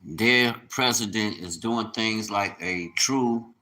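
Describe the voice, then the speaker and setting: A man chatting on a live stream in an animated, preachy, joking way, laughing often. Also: lowish voice, takes it slowly, poor audio. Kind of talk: casual live-stream chat.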